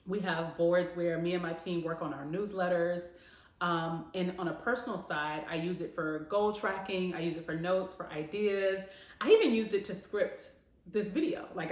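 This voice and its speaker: A woman vlogging to camera in a room at home, candid and animated, laughing often and repeating herself for emphasis. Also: fairly low pitch, reverberant. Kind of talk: reflective vlog talk to camera.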